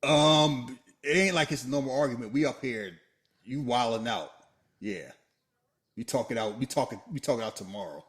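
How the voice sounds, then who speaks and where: A man's voice: medium pitch, moderate pace, husky. A man co-hosting a casual podcast, joking through a film and acting out its lines in put-on voices. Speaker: podcast co-host. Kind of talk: casual movie commentary chat.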